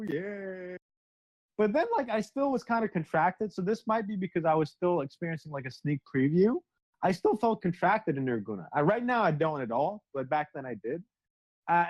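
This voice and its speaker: A man's voice: high voice, no echo. A young man casually recounting a spiritual experience in slangy, profane speech, acting out quoted dialogue. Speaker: satsang speaker. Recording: dry, dull lo-fi sound.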